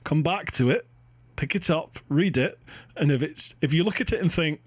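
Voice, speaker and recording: A man's voice: on the high side, expressive, normal speed, dry recording. A Scottish man hosting a podcast, chatting casually and swearing cheerfully over a video call, often breaking into laughs. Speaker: podcast host.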